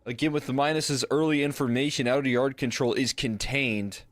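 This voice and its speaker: Relaxed male esports analyst. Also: mid-range voice, normal speed, no echo. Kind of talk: colour commentary.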